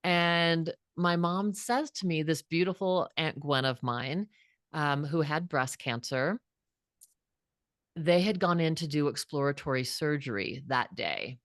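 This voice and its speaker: A woman's voice: low-pitched, a little slow, no room sound, clean studio sound. A woman in her fifties, a guest author, telling a personal story in an earnest, reflective way with frequent restarts. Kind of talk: heartfelt storytelling.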